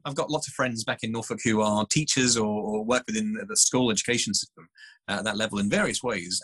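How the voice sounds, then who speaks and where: A man, a scientist guest on an interview podcast, telling stories in an animated way with lots of restarts. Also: mid-range voice, husky, no room sound, rough recording. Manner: animated storytelling, many restarts. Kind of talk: casual interview chat.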